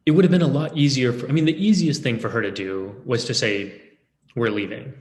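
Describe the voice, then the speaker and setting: A man in his thirties telling a personal story in a reflective, halting way, often restarting his words. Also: mid-range voice, sing-song, a little mellow. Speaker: speaker. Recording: echoey room.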